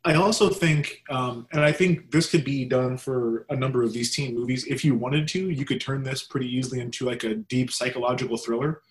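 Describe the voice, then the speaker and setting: Relaxed joking podcast host, a man. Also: mid-range voice, fairly quick, hardly any pauses. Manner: relaxed, joking, leads the talk. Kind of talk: casual chat.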